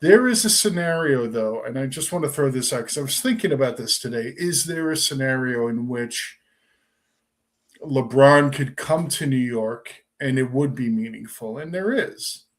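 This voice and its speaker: A man co-hosting a casual sports talk show, laying out his points in a measured, step-by-step way. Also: mid-range voice, lively intonation. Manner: measured, lays out arguments step by step. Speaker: podcast co-host. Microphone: remote call over a livestream.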